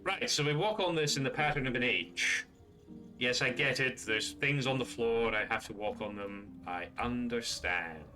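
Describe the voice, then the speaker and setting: Brief: bright-voiced male game streamer, casual chatty commentary, faint music behind. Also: mid-range voice, normal speed. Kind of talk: live gameplay commentary.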